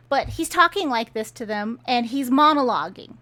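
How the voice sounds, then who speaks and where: A woman's voice: a little high, expressive, moderate pace, sharp tone. A woman giving a casual, sarcastic rant of a book review, exasperated and incredulous.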